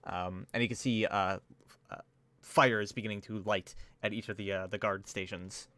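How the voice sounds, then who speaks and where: Low-voiced man running a tabletop game. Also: steady tone, normal speed, bright, forceful tone. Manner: loose, filler-heavy narration. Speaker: game master.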